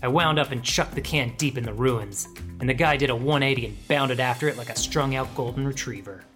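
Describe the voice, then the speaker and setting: A man voicing a hardboiled male noir detective who narrates and talks in a wry, deadpan way. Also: medium pitch, fairly quick, over music, natural voice. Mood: dry. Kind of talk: noir audio drama narration.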